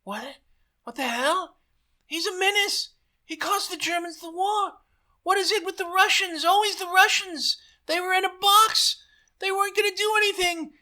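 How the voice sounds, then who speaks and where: A man's voice: a little high, lively intonation, unhurried, bright, forceful tone. A man voicing a hot-tempered, scheming male propaganda chief in a story he reads aloud, who screeches in rage and hisses orders. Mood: ranting. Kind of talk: reading his own story aloud.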